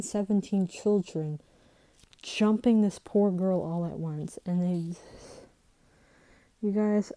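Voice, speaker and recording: A woman's voice: on the low side, mellow, no room sound, rough recording. A woman vlogger telling a story in a rambling, heated way, swearing and restarting often. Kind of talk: casual storytelling vlog.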